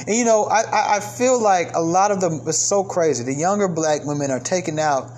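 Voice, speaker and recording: A man delivering a heated, profane commentary rant, swinging between raised outbursts and low, exasperated muttering. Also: moderate pace, few pauses, a little mellow, a little hiss or hum. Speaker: commentary vlogger. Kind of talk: ranting commentary monologue.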